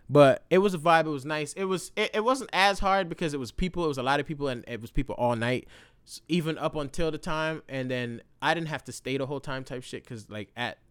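A man hosting a podcast, telling a story in a loose, slangy way with plenty of swearing. He swings between loud bursts and low mumbles. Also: clear, resonant tone, no echo. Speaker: podcast host. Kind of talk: casual storytelling monologue.

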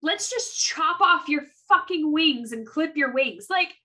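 A woman co-hosting a book podcast. Her high voice swoops all over as she gets emphatic and indignant. Her tone is bright and sharp. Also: animated, a little slow, rough recording. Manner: indignant, emphatic, mocks characters in quoted voices. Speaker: podcast co-host. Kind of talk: casual book-discussion chat.

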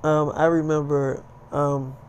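A man's voice: on the high side, level tone, slow pace, a little mellow, a little hiss or hum. A young man telling a rambling first-person story, casual and crude, with lots of fillers.

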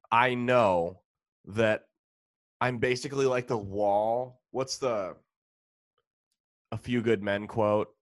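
A man's voice: mid-range voice, clean tone, no room sound. A man with an American accent, a stand-up comedian delivering a profane, sarcastic rant.

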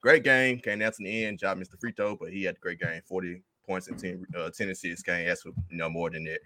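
A man's voice: deep voice, steady tone, a little fast, sharp tone, a little hiss or hum. A man hosting a sports podcast, easygoing and laughing often as he moves the talk along. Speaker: podcast host. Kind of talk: casual sports podcast chat.

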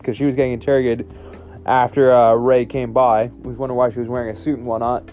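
Guy rambling thru a movie recap, restarts a lot, mid-pitched voice, faint guitar music behind. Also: level tone, quick pace, a little mellow, dull audio. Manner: rambling, many restarts and fillers.

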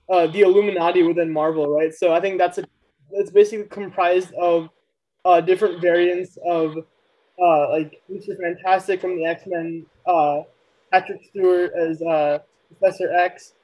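A man's voice: high-pitched, darkish tone. A man co-hosting a casual podcast chat, explaining at length with lots of fillers. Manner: rambling, filler-heavy explaining. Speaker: podcast co-host. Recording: dull lo-fi mic.

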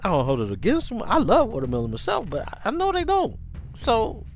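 A man hosting a podcast, talking in a casual, animated, rambling monologue with many restarts. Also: sits high, brisk, a little hiss or hum. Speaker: podcast host.

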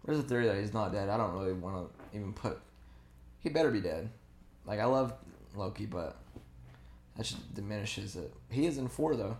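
A man's voice: on the low side, lively intonation, a little fast, long pauses, darkish tone, a little hiss or hum. A young man co-hosting a podcast, chatting casually through a movie, blunt and teasing with free swearing. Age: young adult. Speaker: podcast co-host. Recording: roomy echo.

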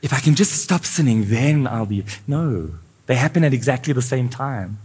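A man's voice: mid-range voice, animated, moderate pace, darkish tone, breathy edge. A male pastor preaching a sermon, asking his congregation questions as he goes. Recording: live church sound with long reverb.

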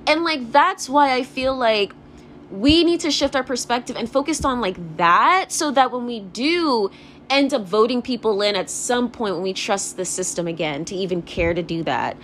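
Young woman in a high, swooping profane rant. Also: animated, a bit bright, slight background noise. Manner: rapid, profane, filler-heavy ranting with constant "like". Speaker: vlogger. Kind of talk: ranting vlog monologue.

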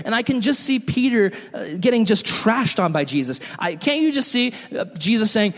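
A man preaching a sermon in a church hall with animated, comic storytelling. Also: high voice, normal speed, hardly any pauses. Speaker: pastor. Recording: long hall reverb.

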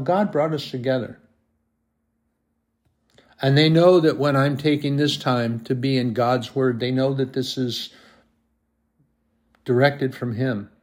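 A man's voice: mid-range voice, darkish tone. A man preaching a sermon at home, reading scripture aloud and asking emphatic rhetorical questions. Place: at home with his dogs.

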